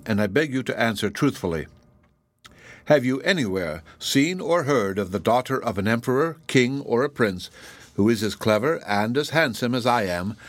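A man's voice: medium pitch, no room sound, close to an everyday voice. A man voicing a vain proud king.

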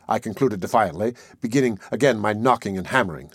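A man reading an audiobook in measured, steady first-person narration. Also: fairly low pitch, breathy edge, no room sound, studio quality. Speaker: audiobook reader.

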